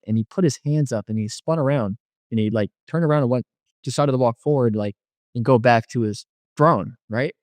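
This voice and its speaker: A man's voice: mid-range voice, brisk, a little mellow, dry recording. A man telling his near-death experience in casual testimony, rambling with many "like" fillers and quoting what was said to him.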